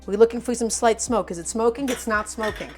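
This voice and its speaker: Emphatic higher-voiced woman cooking live. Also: brisk, over music. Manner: emphatic and animated, repeats herself, calls viewers "my friends". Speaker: cooking streamer. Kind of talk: live cooking demonstration, chatting with viewers. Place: home kitchen.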